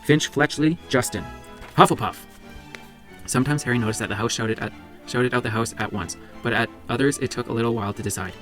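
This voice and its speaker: A man reading a children's novel aloud for a library book club, brisk with small slips and restarts. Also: mid-range voice, steady tone, a bit bright, soft background music.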